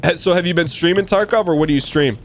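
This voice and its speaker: A man's voice: on the high side, fast, slight background noise. A man hosting a gaming stream, chatting casually with his teammate and asking him many questions. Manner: friendly, asks many questions. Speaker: streamer host.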